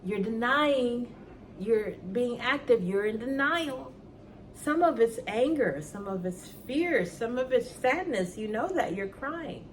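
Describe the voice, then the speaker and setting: A woman's voice: fairly high pitch, expressive, slow pace, distant mic, slight background noise. A woman talking earnestly and emotionally to her viewers about faith in a personal vlog at home. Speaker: vlogger. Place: at home indoors.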